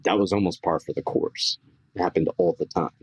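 An author from Texas speaks as an interview guest, recounting his childhood plainly and frankly. His voice is very low, and the sound is dry and close. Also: steady tone, fairly quick, breathy edge, no echo. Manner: frank, matter-of-fact. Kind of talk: interview storytelling.

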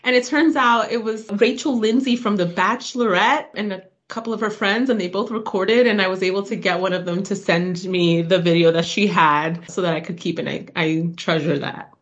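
A woman guest on a radio interview, telling a personal story in a lively, heartfelt way. Her voice sits in a middle range and she speaks casually, with laughter breaking in. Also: mid-range voice, normal speed, few pauses, lo-fi sound. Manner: animated, emotional retelling with laughs.

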